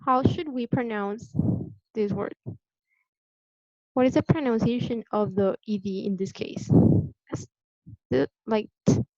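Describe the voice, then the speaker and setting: A woman teaching English pronunciation in a patient, deliberate way, repeating the key points for her students. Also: a little high, darkish tone, no echo. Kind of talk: classroom lesson explanation. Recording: dull lo-fi sound, dry.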